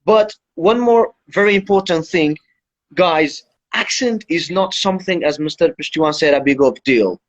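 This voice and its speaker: A man teaches English in an Instagram Live chat, laying out each point step by step. His voice sits a little high for a man. The sound is dull and lo-fi, like a livestream. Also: normal speed. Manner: explains step by step, instructive.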